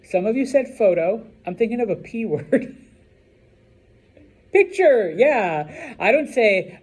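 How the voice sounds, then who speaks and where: A man's voice: sits high, animated, unhurried, husky. A man teaching a Spanish class to students, talking casually and checking in with "okay?" after each point.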